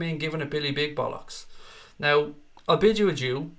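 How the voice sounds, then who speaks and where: A young man from Ireland, his voice on the high side and his pace normal, reads chat comments aloud during a casual live stream. His answers are blunt and heavy on swearing.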